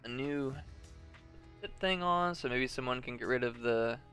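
Casual male streamer with the hiccups, wry and laid-back, loud game music behind. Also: mid-range voice, a little slow. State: has the hiccups. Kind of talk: casual gaming chat.

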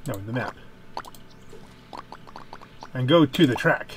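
A man's voice: mid-range voice, animated, slow. Wry man playing a game. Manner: casual, wry, musing aloud. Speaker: game player. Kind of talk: let's play commentary.

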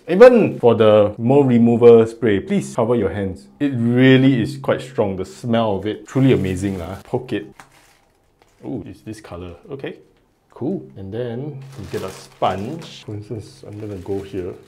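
A man's voice: medium pitch, lively intonation, a little slow, mellow, breathy edge. A man with a Singaporean English accent, casually vlogging at home, giggly and rambling. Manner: giggly, rambling, self-mocking. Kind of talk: casual haul vlog. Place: home, then a small bathroom.

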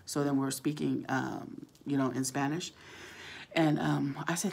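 Gravelly, husky woman telling a story. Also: extremely low pitch, fairly even intonation, a little slow, darkish tone. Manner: rambling, with many fillers. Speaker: vlogger. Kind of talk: casual storytelling.

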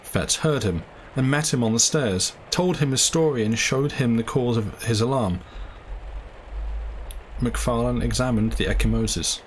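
A man reading a classic short story aloud in a steady storytelling manner. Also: medium pitch, moderate pace, slight background noise, rough recording. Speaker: audiobook reader.

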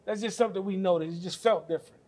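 High-voiced man telling a story. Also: rapid-fire, darkish tone. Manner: storytelling, retelling conversations with quoted lines. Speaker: podcast co-host. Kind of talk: casual group discussion.

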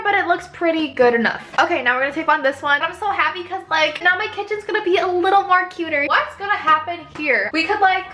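Bubbly young woman, bright high voice. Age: 20s. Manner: bubbly, rambling, self-mocking with many "like"s. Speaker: craft vlogger. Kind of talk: casual chatty vlog.

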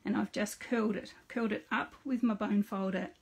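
A woman's voice: mid-range voice, steady tone, brisk, slightly rough. A middle-aged woman hosting a casual live card-making demonstration. She chats with viewers by name and narrates each step aloud.

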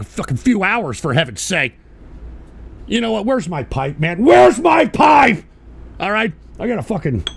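A middle-aged man hosting a live stream show, reading chat donations with a profane, irritable manner and bursts of shouting. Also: sits high, creaky. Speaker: livestream show host.

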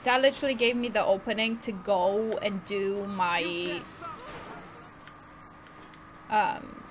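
A woman's voice: mid-range voice, steady tone, measured pace, noisy background. Chatty woman streamer commenting on gameplay. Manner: chatty, self-mocking, says "literally" a lot. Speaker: gaming streamer. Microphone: desk microphone.

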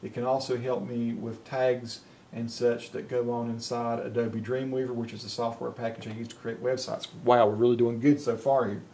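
A man with a regional Appalachian accent speaks in a plain, folksy way, dictating sentences and then commenting on them as he goes. His voice sits at an ordinary middle pitch. There is a faint ambient noise in the background. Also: flat delivery, normal speed, darkish tone. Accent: Southern Appalachian. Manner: plain, folksy, thinking aloud while dictating. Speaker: software reviewer. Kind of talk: casual dictation test and review.

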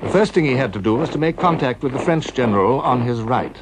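A man's voice: medium pitch, animated. British man, formal documentary narration, audible hiss behind the voice. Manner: measured and formal. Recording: noisy old broadcast recording.

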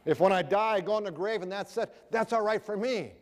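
Earnest male preacher with a high voice, heard with long hall reverb. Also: a little fast. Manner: earnest, rhetorical questions to the audience. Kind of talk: sermon.

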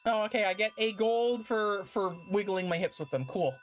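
A woman's voice: mid-range voice, normal speed. A woman streamer playing a video game, chatting casually and reading game text aloud. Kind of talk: let's play commentary. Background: game music.

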